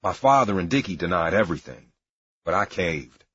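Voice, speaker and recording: Man, memoir reading, low husky voice, lively intonation, wry, dry dull recording. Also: normal speed, no room sound. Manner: wry, matter-of-fact storytelling. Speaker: narrator.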